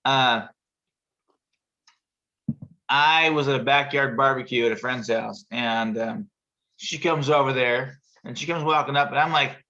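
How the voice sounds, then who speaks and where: Bright-voiced man telling a rambling story. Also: unhurried, lo-fi sound. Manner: rambling, animated storyteller, acts out quoted voices with big pitch jumps. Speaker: show host telling a story. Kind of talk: casual storytelling chat over video call. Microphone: video call.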